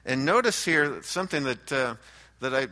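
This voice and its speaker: A man preaching a verse-by-verse sermon with a bright, forceful voice. He talks earnestly, restarts his phrases, and lifts into lively voices when he quotes the scripture or the crowd. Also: mid-range voice, moderate pace. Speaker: pastor. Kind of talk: expository sermon.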